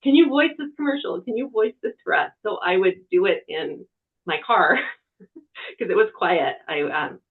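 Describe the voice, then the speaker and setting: Conversational TV reporter, mid-pitch, tinny webinar audio, quiet room. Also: vocal fry. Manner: conversational, talks with hands. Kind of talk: practical media-training talk.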